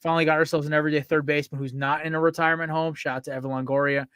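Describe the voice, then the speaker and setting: Excitable bright-voiced man hosting. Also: on the high side, rapid-fire, smooth, dry recording. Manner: excitable, profane storyteller with frequent asides. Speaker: podcast host. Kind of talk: casual sports podcast chat.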